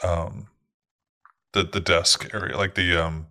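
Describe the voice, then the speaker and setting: A man's voice: deep voice, fairly even intonation, slow, pushed and bright. A man narrating as game master of a tabletop game, in loose, rambling storytelling with fillers.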